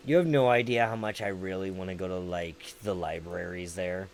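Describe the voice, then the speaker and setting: A man's voice: sits low, normal speed, a little hiss or hum. A man with a Southern US accent, hosting a livestream and chatting casually with his viewers in a rambling, profane, laid-back way. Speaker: livestream host.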